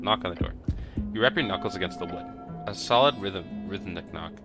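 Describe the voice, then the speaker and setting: A man's voice: low voice, fairly quick. Man streaming with game music behind. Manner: wry, self-deprecating asides. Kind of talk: casual gameplay commentary and reading game text aloud.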